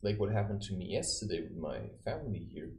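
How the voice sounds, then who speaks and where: A man's voice: deep voice, sing-song, quick pace. A man giving spiritual advice in a casual, rambling monologue, telling anecdotes and acting out the people in them. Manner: rambling, anecdotal, with acted quotes. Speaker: self-styled spiritual adviser. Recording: roomy echo.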